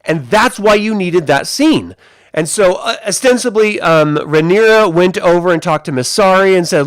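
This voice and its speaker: A man giving a casual spoken review of a TV episode, animated and profane, rambling with lots of fillers. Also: high voice, moderate pace, no echo.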